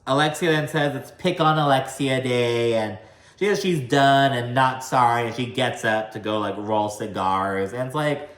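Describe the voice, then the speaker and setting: Chatty, cussing man in an echoey room. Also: medium pitch. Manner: chatty, swears often, says "like" a lot; admits talking fast and mashing words together. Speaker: reality TV recap host. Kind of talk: casual profane recap vlog.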